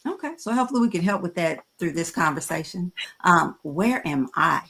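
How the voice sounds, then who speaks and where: Frank, bright-toned woman in her fifties. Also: on the low side, lively intonation, a little fast, breathy edge. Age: 50s. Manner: frank and conversational, with hesitant fillers. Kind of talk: candid podcast chat.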